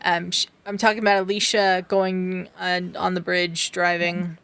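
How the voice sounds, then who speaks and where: Woman on a video call recapping a show, gravelly yet smooth, lots of ums. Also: lowish voice, level tone, measured pace, a bit bright. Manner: chatty, retells scenes with filler ums. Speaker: podcast co-host. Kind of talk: casual recap chat.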